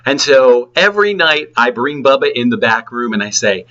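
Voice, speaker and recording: Bright-voiced male law lecturer. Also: mid-range voice, normal speed, highs cut off. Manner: lively, acts out examples with sound effects. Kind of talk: classroom lecture.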